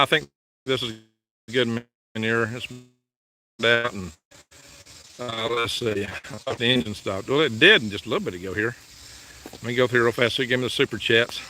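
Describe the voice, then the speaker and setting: Holding his phone as he wanders around his truck on the farm, this man runs a casual live vlog and reads out messages from viewers in a chatty, down-home manner. His voice is medium-pitched and sharp, with slight background noise.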